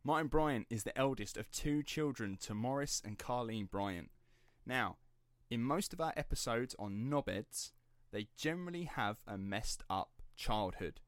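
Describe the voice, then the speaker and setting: A man's voice: mid-range voice, animated, a little slow, dry recording, studio quality. A young man hosting a casual true-crime podcast, chatty and rambling, swearing and laughing easily as he tells the story. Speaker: podcast host telling the story.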